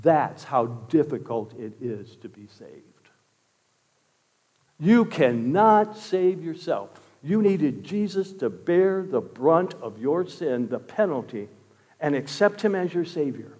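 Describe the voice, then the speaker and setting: A man preaching a sermon as pastor, impassioned, swinging from loud exclamations to hushed tones. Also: on the high side, sing-song, slow, breathy edge. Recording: long reverb of a church hall.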